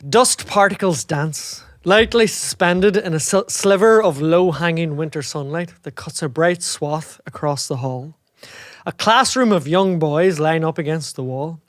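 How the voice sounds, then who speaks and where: A man's voice: a little high, measured pace, no echo. Chatty Northern Irish man, dry sound. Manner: chatty, self-interrupting, laughing. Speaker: podcast host and writer. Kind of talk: reading stage directions, casual chat.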